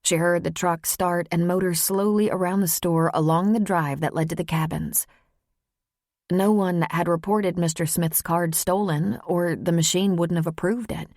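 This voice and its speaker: A woman narrating an audiobook in a tense, measured storytelling voice. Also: lowish voice, steady tone, a little mellow, no room sound, clean studio sound. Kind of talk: scripted narration.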